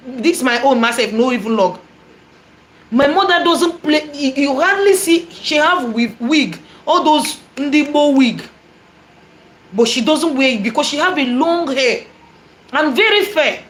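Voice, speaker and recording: A woman with a Nigerian accent, a prophetess telling a personal testimony in an animated, repetitive way, dropping in Igbo phrases. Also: high-pitched, measured pace. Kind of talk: testimony storytelling.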